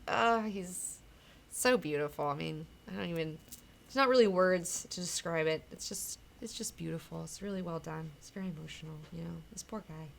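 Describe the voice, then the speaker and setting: Female comic book host, somewhat low voice, rambling casual chat, frank and profane. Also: vocal fry, a little hiss or hum. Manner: rambling and candid, swears freely, acts out characters' lines.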